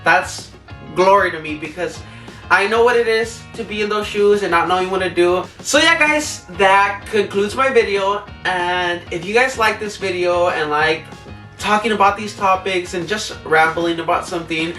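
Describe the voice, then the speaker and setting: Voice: mid-range voice, moderate pace. Young adult vlogger, rambling casual advice, recorded at a distance with faint background music. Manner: rambling and expressive, acts out own past self-talk. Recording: roomy, distant mic, faint music behind.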